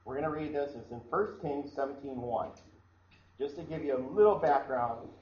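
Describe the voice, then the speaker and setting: A man's voice: medium pitch, moderate pace. Man from Iowa preaching a sermon: conversational, repeats himself, roomy and slightly muffled recording. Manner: conversational, repeats and restarts phrases. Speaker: pastor. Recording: echoey room, dull sound, faint background noise.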